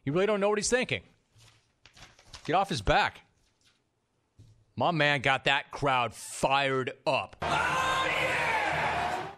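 A man's voice: fairly high pitch, takes it slowly, long pauses, bright, forceful tone. A man in his forties hosting a sports talk show, telling stories brashly and acting out his friends' voices. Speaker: radio sports talk host. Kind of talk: animated sports talk monologue.

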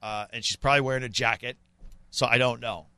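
Sports radio co-host dude, high bright voice, dry sound. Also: male voice, steady tone, fast, clean tone, no room sound. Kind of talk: sports talk radio banter.

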